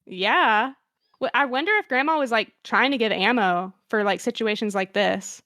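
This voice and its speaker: A woman's voice: fairly high pitch, moderate pace, bright, forceful tone, dry recording. A young woman hosting a podcast, reading a listener's story aloud and then chatting, wry and self-mocking. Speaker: podcast host.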